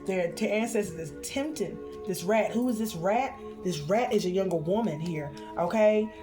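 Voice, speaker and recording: A woman doing a spiritual card reading for her viewers, expressive and chatty, calling them honey and y'all. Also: medium pitch, normal speed, over music.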